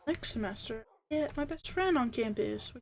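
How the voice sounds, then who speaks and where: A woman's voice: on the high side, expressive, moderate pace, gravelly, slight background noise. A young adult woman streaming a game, chatting casually and rambling with lots of fillers. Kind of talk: casual chat while gaming.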